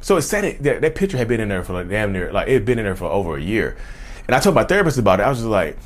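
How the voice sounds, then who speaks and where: A man's voice: lowish voice, sing-song, racing. A man telling a personal story in a casual, rambling way, repeating phrases and talking straight to his listeners.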